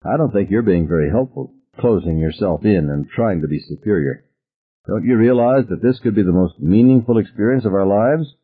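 Man voicing a prim teen girl, icy and measured, husky tone. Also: on the low side, animated, narrow, tinny audio. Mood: cold. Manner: cool, measured scolding. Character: cold, prim teenage girl lecturing.

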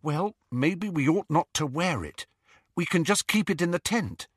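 Brisk, clever young woman, as a male narrator puts her on: raised voice, lively, dry close read. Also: on the high side, breathy edge, no room sound, pitched above the performer's own voice. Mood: coaxing. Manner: quick, impatient, insistent.

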